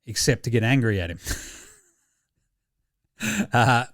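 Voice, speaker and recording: A man's voice: mid-range voice, takes it slowly, pauses often, fairly bright tone, no room sound, studio quality. A young Australian man hosting a sports podcast in casual, rambling banter, swearing and laughing often. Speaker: podcast host.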